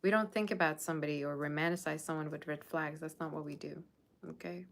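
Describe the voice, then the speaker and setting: A woman's voice: deep voice, fairly even intonation, fast talker, a little hiss or hum. A woman tarot reader talking casually to her viewers, blunt and sassy, scolding them about their standards. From Persian Russian background. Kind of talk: casual tarot reading monologue.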